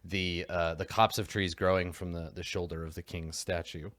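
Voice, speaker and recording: Low-voiced man running a tabletop game. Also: flat delivery, normal speed, fairly bright tone, no echo, studio quality. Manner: casual, rambling, full of fillers. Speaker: game master.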